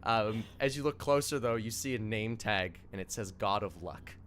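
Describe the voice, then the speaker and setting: A young man narrating a tabletop game as dungeon master, animated and laughing, with halting fillers. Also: lowish voice, a little hiss or hum.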